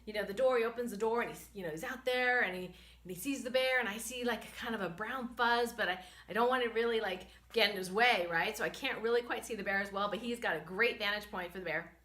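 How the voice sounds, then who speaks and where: Woman vlog host, bright and forceful tone, chatty storyteller with lots of "like" and "you know", handheld camera. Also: medium pitch, quick pace. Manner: animated, chatty, many fillers, laughs often. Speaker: host and spiritual medicine practitioner. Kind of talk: casual storytelling. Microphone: camera she holds herself.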